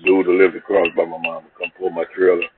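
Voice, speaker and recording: A man's voice: low-pitched, fast. A man telling a long, rambling personal story in casual, profane speech, acting out the people in it. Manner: rambling, profane, animated retelling with quoted dialogue. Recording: dull lo-fi recording with faint noise.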